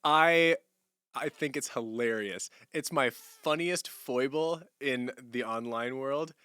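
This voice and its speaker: Young male streamer, bright and crisp tone, dry close sound, loose, chatty and laughing. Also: medium pitch, slow pace, dry recording. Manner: relaxed, rambling, laughs often. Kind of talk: casual livestream chat answering viewers.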